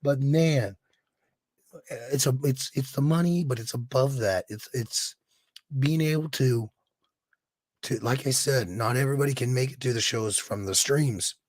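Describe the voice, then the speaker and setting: A hoarse man hosting a casual live stream, warmly reading viewers' chat aloud with rambling restarts and quiet mutters. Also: medium pitch, moderate pace, no echo. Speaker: streamer host.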